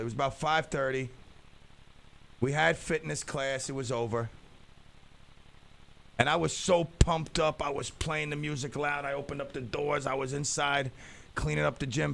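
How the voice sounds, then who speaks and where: A man hosting a radio show, telling rambling comic stories in a loud, animated way. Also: medium pitch, normal speed, creaky. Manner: loud, rambling storyteller who acts out the people in his stories. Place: radio studio.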